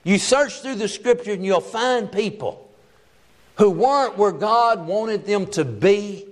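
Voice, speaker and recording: A man with a notably high voice delivers a sermon in a homespun, down-to-earth way. He leans on key phrases and draws them out slowly to drive each point home. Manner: folksy, plainspoken preaching with colloquial grammar. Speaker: preacher.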